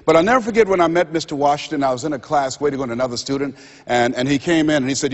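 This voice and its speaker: A man's voice: fairly high pitch, very fast. A man giving a motivational seminar speech to a live audience, dramatic and preacher-like, acting out the voices in his stories. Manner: dramatic, acts out quoted voices, preacher-like build-ups. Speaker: motivational speaker. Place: stage in a large hall with a live audience. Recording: lo-fi recording in a large reverberant hall.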